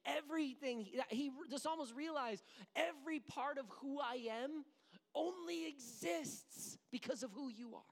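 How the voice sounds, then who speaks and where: A pastor preaches with dramatic dynamics, dropping to near-whispers and then rising to loud, emphatic lines. The pitch sits in a middle register, and the voice rings with a long reverb tail. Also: moderate pace. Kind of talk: sermon.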